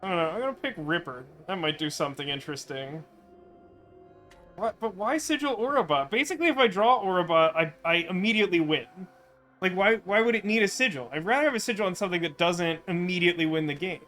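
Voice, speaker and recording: A man's voice: sits high, lively intonation, fast talker, pushed and bright, soft background music. Man thinking aloud over a card game. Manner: chatty, thinking aloud, wry. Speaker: streamer. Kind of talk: let's-play commentary.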